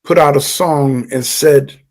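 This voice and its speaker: A man's voice: mid-range voice, a little slow. An older man giving an impassioned livestream teaching in a fervent, preachy way, often stammering and repeating words.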